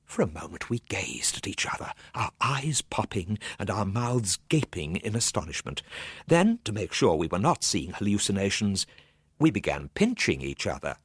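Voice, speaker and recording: A man narrating a dark, suspenseful story in a tense voice that swings from low murmurs to urgent bursts. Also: very animated, normal speed, breathy edge, dry recording, studio quality.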